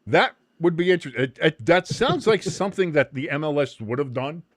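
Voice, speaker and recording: A man's voice: fairly high pitch, brisk, no room sound. American guy hosting a watch-along, swears a lot, jokey, voice all over the place, dry close sound. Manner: profane, joking, animated. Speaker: host. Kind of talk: casual watch-along chat.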